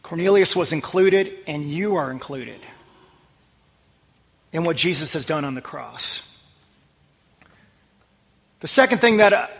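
A man preaching a sermon as pastor, talking conversationally and earnestly, dropping low and quiet on scripture verses. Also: in a large hall.

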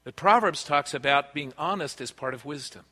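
A pastor preaches an earnest, conversational sermon, sharing personal stories from his family life. His voice is on the high side, expressive and bright with a forceful tone, at a moderate pace, and the large hall gives a long reverb.

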